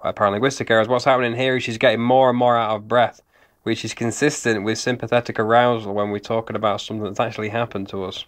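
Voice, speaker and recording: A man's voice: fairly low pitch, flat delivery, quick pace. A man giving analytical commentary over video clips, explaining steadily with frequent ums. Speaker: body language analyst.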